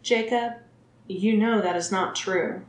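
A woman's voice: mid-range voice, fairly even intonation, takes it slowly, close to an everyday voice. A woman voicing a cool, clinical female asylum doctor who speaks in a formal, detached way. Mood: firm. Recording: roomy echo.

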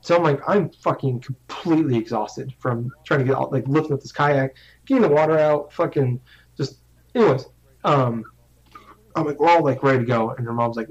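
A man's voice: mid-range voice, brisk. A young man telling a long, rambling story in casual chat, swearing often, mocking himself and restarting his sentences. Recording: slightly dull lo-fi audio.

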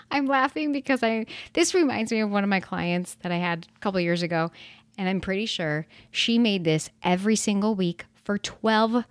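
A woman's voice: medium pitch, dry recording. Chatty, upbeat woman coach, dry sound. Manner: chatty and upbeat, laughs often, many fillers. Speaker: nutrition coach. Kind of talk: casual walkthrough of a meal plan.

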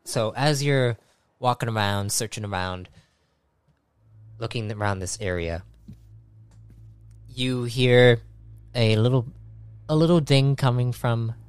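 A man narrating as game master of a tabletop game, halting and repeating words as he goes. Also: medium pitch, smooth, dry recording.

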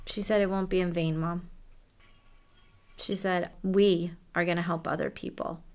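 Soft-spoken woman relaying a medium's reading. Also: lowish voice, flat delivery, unhurried. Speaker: psychic medium.

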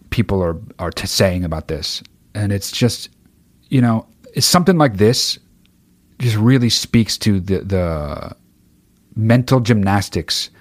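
A man ranting on a livestream, heated and swearing constantly, with sudden bursts of shouting as he reads through chat. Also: lowish voice, no echo. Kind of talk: profane livestream rant.

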